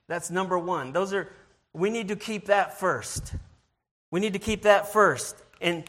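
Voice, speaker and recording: A man with a slightly high voice preaching an informal sermon to his congregation. He talks earnestly and haltingly, stumbling into restarts and repeated words. When he reads scripture, his voice drops lower and slows. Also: fairly bright tone. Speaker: lay preacher.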